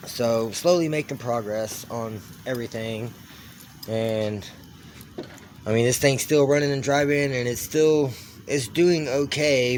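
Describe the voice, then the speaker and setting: Young guy, mid-pitched, casual and rambling, faint background ambience. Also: slight background noise. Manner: relaxed, loose, many "like" and "uh" fillers and restarts. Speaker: car build vlogger. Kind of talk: casual rambling talk to camera.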